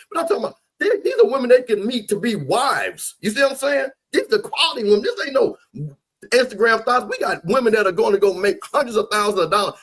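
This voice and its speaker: A man talking sports in an animated, emphatic way, repeating himself and preaching his point. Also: sits high. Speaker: podcast guest, HBCU football commentator.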